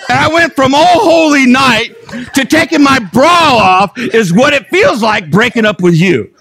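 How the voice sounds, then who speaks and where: An older male pastor preaches with a high-pitched voice that leaps around a lot. He tells his story in an animated way and now and then bursts into a shout. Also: measured pace. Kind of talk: sermon.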